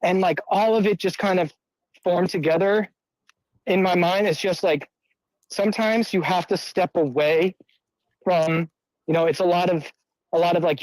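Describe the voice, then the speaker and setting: A man's voice: sits high, normal speed, darkish tone, no echo, rough recording. A man shares advice in a live audio room, speaking through earbuds. He talks reflectively and swears for emphasis, with a dry, close sound. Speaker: guest speaker.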